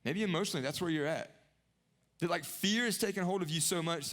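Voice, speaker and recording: A young adult man preaching a sermon earnestly, repeating phrases, rising to emphatic peaks and dropping to hushed lows. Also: fairly quick. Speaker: pastor.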